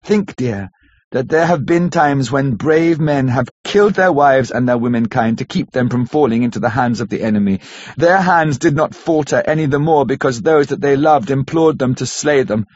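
A man voicing a gentle, devoted young wife in an audiobook, earnest and solemn, with a husky voice. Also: mid-range voice, expressive, normal speed, no echo, natural voice. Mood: tender. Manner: earnest, pleading, softly solemn. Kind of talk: audiobook character reading. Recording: dull lo-fi audiobook recording.

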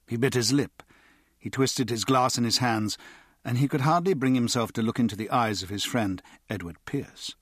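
Male narrator, audiobook reading, husky, mid pitch, steady delivery. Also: moderate pace, dry recording, studio quality. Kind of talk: scripted narration.

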